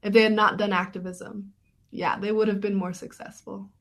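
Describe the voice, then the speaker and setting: Woman filmmaker on a radio interview, bit of vocal fry, lots of ums and restarts. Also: mid-range voice, little pitch movement, moderate pace, fairly bright tone. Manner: thoughtful, many fillers and restarts. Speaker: documentary filmmaker.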